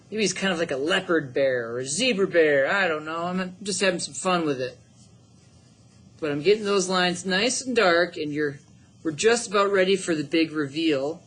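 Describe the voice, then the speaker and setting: A man's voice: a little high, a bit bright. A middle-aged man teaching a drawing lesson, upbeat and encouraging, thinking aloud as he works. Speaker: art teacher.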